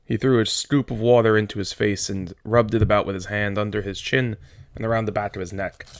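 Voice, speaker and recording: Gravelly male teacher reading aloud. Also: fairly low pitch, a little fast. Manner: steady, plain storytelling.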